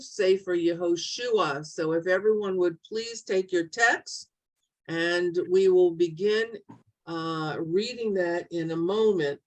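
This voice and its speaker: A middle-aged woman teaching an online Bible study over a video call, speaking haltingly with many fillers and restarts. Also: mid-range voice.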